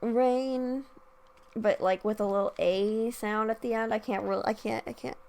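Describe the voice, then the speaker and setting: A woman's voice: medium pitch, little pitch movement, a little fast, vocal fry, a little mellow. A young woman hosting a casual solo podcast, chatting about songs with many ums and restarts and singing short quoted lines. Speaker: podcast host, music reviewer.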